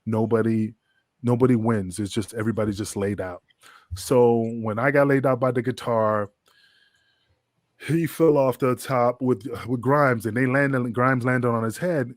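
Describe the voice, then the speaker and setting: A man's voice: medium pitch, fairly even intonation, normal speed, dry recording, clean studio sound. A man, a guest wrestler, telling a long, rambling, profane backstage story in an interview. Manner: rambling, profane, full of fillers.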